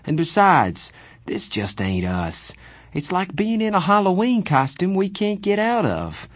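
A man's voice: high voice, wildly swooping pitch, unhurried, dry recording, voice pushed up, heavily acted. A man voicing a tearful fourteen-year-old boy. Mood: frustrated. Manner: emotional, tearful outbursts. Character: teenage boy, fourteen, scared and homesick. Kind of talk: audiobook character voice.

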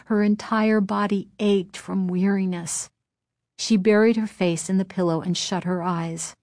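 A woman reading a storybook aloud in measured, suspenseful narration from a close microphone. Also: medium pitch, steady tone, darkish tone, dry recording.

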